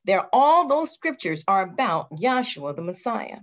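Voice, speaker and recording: A woman's voice: mid-range voice, very animated, a little slow. A woman teaching a Bible study class in an earnest, searching way, often stopping to correct herself and adding "see" as she goes.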